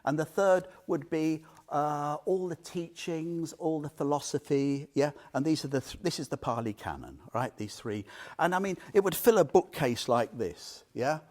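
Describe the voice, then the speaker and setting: A man's voice: on the high side, normal speed. A man giving an informal Buddhist talk to a small group, telling stories with questions and laughter. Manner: animated storyteller, asks listeners questions, laughs often. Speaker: Buddhist teacher.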